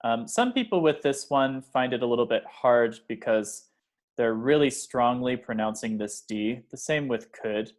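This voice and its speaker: A man teaching English pronunciation, slowly modeling example phrases and checking in with the learner. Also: medium pitch, expressive. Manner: checks in with "okay?" and "right?". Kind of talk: pronunciation lesson.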